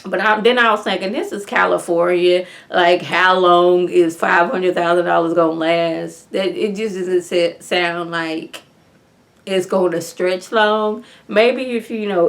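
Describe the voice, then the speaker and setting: A woman's voice: on the low side, creaky. Chatty woman recapping a TV episode. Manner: chatty, animated retelling with lots of "like". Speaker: TV episode reviewer. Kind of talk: casual recap vlog.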